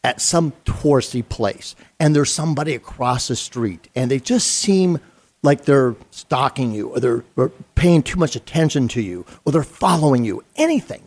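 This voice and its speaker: A man's voice: medium pitch, big pitch swings, normal speed, darkish tone. A middle-aged man, a retired police sergeant, telling a story in an interview in an earnest, conversational way with fillers and restarts.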